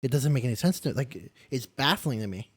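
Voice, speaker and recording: A young man recounts a hard story at work in a candid, emotional ramble, stumbling over his words and swearing now and then. His voice sits at an everyday middle pitch and is captured dry and close on the mic, with no room sound. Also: expressive, fairly quick, breathy edge, no echo. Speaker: caregiver and podcast guest. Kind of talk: candid storytelling in a live-streamed interview.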